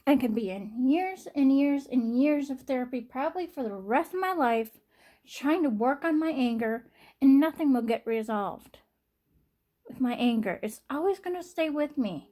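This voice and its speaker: A young adult woman talking to camera in a personal vlog, halting and repetitive, with frequent sighs and restarts. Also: high voice, expressive, mellow. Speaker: vlogger.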